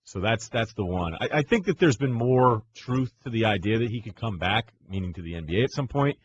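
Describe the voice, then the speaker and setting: Emphatic low-voiced radio co-host. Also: male voice, expressive, fairly quick, slight background noise. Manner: emphatic, opinionated. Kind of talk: sports radio talk. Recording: slightly dull studio sound.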